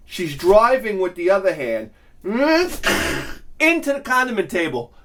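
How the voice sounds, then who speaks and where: Animated ranting man, lively pitch. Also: slow. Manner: animated, profane, swings between mutters and shouts. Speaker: video host. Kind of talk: ranting comedic monologue.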